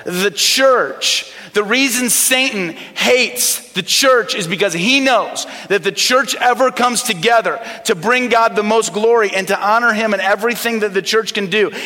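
A man's voice: high voice, moderate pace, few pauses, sharp tone. A middle-aged male pastor preaching a sermon to his congregation, emphatic and asking them questions to answer. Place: church auditorium. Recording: long reverb of a church hall.

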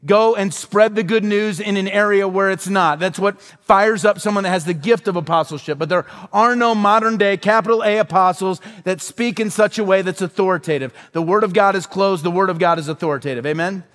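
Fervent high-voiced male preacher in a hall. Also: fairly quick, hardly any pauses, a bit bright. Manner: fervent, emphatic preaching with repeated phrases. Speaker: pastor. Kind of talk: sermon.

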